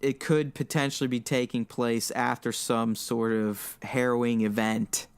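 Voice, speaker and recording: A man co-hosting a podcast, talking in a relaxed, rambling way and swearing freely. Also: mid-range voice, unhurried, clear, resonant tone, no echo. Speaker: podcast co-host. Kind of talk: casual chat.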